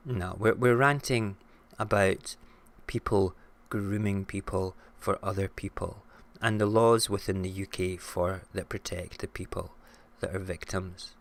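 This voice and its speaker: Scottish male stream host, lowish voice, casual, frank and ranty. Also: steady tone, unhurried, few pauses. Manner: frank and ranty, swears freely. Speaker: host of a live-streamed morning show. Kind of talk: casual live-stream chat and rant.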